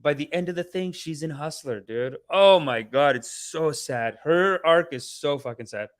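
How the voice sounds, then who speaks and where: A young man hosting a casual, rambling review, profane and animated, who slips into mock voices for the people he describes. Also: a little high, normal speed. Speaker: show host reviewing a documentary series.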